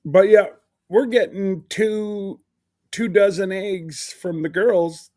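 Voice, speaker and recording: Unhurried co-host, mid-range voice, relaxed casual chat. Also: mid-range voice. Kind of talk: casual live-stream chat.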